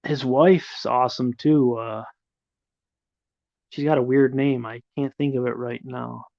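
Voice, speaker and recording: Gravelly-voiced man ranting on a livestream. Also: mid-range voice, fairly even intonation, measured pace, darkish tone, no echo, highs cut off. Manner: rambling and profane. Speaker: livestream host. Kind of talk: casual live chat, answering viewers.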